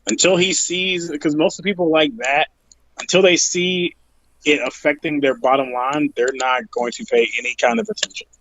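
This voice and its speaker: A man's voice: a little high, normal speed, a bit bright, lo-fi sound, slight background noise. A man co-hosting a casual wrestling podcast, blunt and opinionated, often repeating himself as he builds a point. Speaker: podcast co-host.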